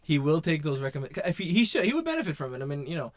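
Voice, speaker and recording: Slightly high man chatting cricket calmly. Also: no echo, clean studio sound. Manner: measured, fills with you know and right. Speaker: podcast co-host. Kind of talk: casual sports chat.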